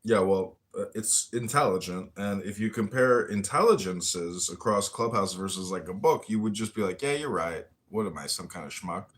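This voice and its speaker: A man's voice: on the low side, animated, moderate pace, hardly any pauses, a bit bright. A man hosting a casual chat, telling stories in a rambling, profane way. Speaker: host.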